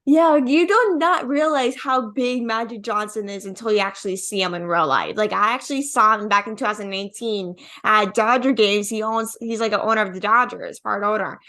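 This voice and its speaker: A woman's voice: mid-range voice, a little fast, few pauses, bright, forceful tone. A young woman hosting a podcast interview, chatty and leaning heavily on filler words as she talks. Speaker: podcast host. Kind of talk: casual interview chat.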